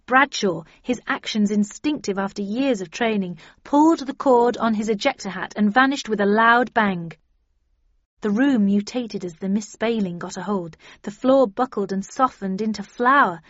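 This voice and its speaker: A woman giving a steady scripted audiobook narration in the first person. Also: mid-range voice, moderate pace, dry recording. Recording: dull lo-fi dry recording.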